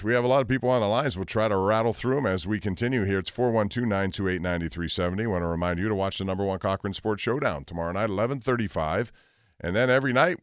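A man's voice: fairly low pitch, clean tone, dry recording, studio quality. A man hosting a call-in sports radio show, blunt and opinionated, pushing back on callers. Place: radio studio.

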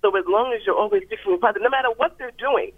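A man's voice: very high voice, animated, very fast. A man calling in to a radio talk show, speaking earnestly and from the heart, often stopping and restarting his words. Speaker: radio caller. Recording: tinny phone line.

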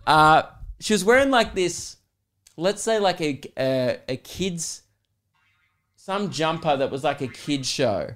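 A man's voice: on the high side, slow pace. An Australian man hosting a podcast, telling a story casually with lots of swearing and laughter. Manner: animated, swearing, joking. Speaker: podcast host and comedian.

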